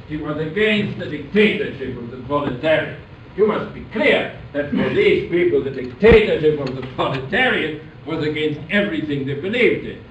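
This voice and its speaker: A man's voice: a little high, a bit bright, slight background noise. Man lecturing in an echoey hall. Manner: digressive, repeats and restarts phrases, rhetorical questions. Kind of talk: academic lecture. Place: lecture room. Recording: echoey, distant, muffled lecture-hall recording.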